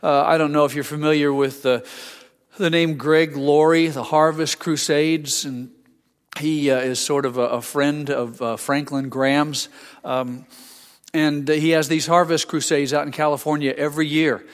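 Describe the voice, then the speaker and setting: An older male pastor delivers a sermon in a relaxed, conversational way, often restarting phrases and adding asides. His voice sits slightly high for a man. A long reverb hangs behind every sentence. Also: normal speed, clean tone.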